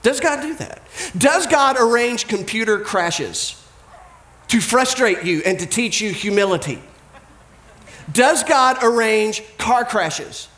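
High-voiced man preaching a sermon. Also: animated, takes it slowly, sharp tone, echoey room. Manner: conversational, humorous storytelling with mimicked voices. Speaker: pastor.

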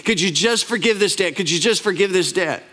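A man's voice: sits high, a little fast, sharp tone. A man acting out a desperate male debtor who stammers and pleads with a king, in a sermon story. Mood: begging.

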